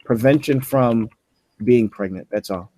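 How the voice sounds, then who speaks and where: A man's voice: mid-range voice, warm tone, no room sound. Dry-voiced man explaining scripture. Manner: slows down to stress scripture words. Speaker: apologetics podcast co-host. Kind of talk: casual debate chat.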